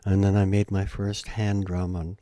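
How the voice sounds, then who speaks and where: Older man, low mellow voice, earnest storyteller, dry sound. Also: completely flat delivery, normal speed, no room sound. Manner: earnest, heartfelt, climbs in pitch and volume at emotional peaks. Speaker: guest storyteller and musician. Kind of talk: storytelling in an interview.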